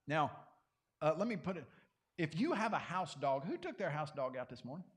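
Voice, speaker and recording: A man teaching a Bible class to a congregation, conversational and animated, often questioning his listeners. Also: a little high, moderate pace.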